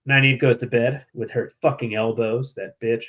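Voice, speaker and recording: A man co-hosting a podcast in casual chat, summarizing chapters with dry, deadpan provocative humor. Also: medium pitch, normal speed, muffled recording. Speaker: podcast co-host.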